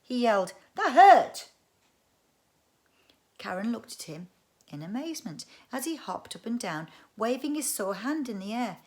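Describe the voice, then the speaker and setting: A woman reading a children's book aloud, expressive and adding chatty asides. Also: a little high, normal speed. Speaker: audiobook reader. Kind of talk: storybook read-aloud narration.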